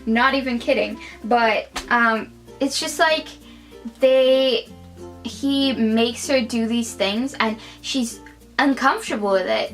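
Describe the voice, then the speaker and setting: A woman's voice: a little high, low-quality recording. A woman giving a casual vlog movie review, chatty and opinionated, with many fillers.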